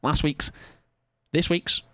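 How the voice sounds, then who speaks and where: A man's voice: slow, sharp tone, no echo. A young man closing out his stream in casual chat, rambling and self-mocking, rattling off goodnights and plans in a sing-song way.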